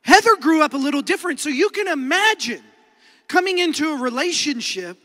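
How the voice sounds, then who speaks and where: High-voiced Oklahoman pastor preaching. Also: brisk. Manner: animated, acts out quotes, laughs often. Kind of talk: storytelling sermon. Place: large church hall. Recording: long hall reverb.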